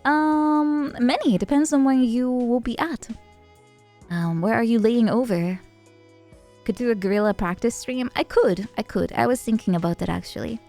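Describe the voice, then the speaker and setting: A young adult woman streamer chatting casually with viewers, rambling and halting, with a giggly manner. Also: fairly high pitch, a little mellow, soft background music. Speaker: VTuber streamer. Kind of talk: casual chat answering viewer messages.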